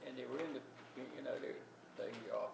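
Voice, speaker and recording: A man's voice: medium pitch, brisk, gravelly. An older man telling a family story in a rambling, folksy way with many restarts. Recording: distant echoey recording with loud background noise.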